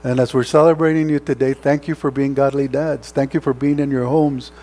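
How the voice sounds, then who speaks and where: Earnest preacher with a mellow voice. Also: male voice, mid-range voice, level tone, brisk. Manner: conversational, rhetorical questions; earnest, exhorting. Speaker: pastor. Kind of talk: sermon.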